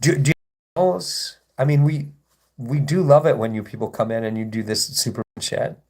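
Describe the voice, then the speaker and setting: A man's voice: mid-range voice, expressive, moderate pace, a little mellow. A man hosting a livestream, talking to his chat in an indignant, sarcastic, rambling way with frequent restarts. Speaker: livestream host. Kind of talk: livestream monologue addressing chat.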